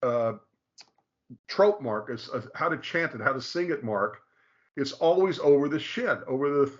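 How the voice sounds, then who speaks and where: A mid-pitched man walks through material in a casual, explanatory way, stopping and restarting his sentences often. He slows right down to stress particular names. The audio is dull and lo-fi. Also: animated. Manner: halting, frequent restarts, slow drawn-out stress on names. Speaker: presenter.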